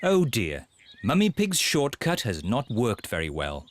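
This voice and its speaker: A cartoon narrator, telling the story in a calm, gently wry way. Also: mid-range voice, unhurried, background noise.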